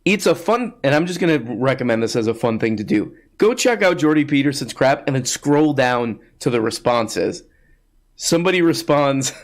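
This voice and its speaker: Sarcastic man riffing casually. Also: mid-range voice. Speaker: podcast host. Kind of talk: casual comedic commentary.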